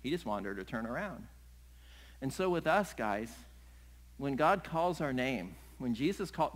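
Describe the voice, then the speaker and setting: Animated man preaching a sermon. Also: a little high, moderate pace, long pauses, low-quality recording. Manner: animated, acts out scenes with voices and laughs. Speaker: pastor.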